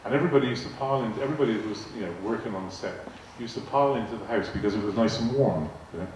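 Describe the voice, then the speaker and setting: Racing along in a fairly low, darkish voice, an older man rambles through anecdotes before a live audience, repeating himself and acting out quoted dialogue. He's a guest speaker in a large arts hall. The recording is echoey and distant, with faint noise and laughter from the crowd.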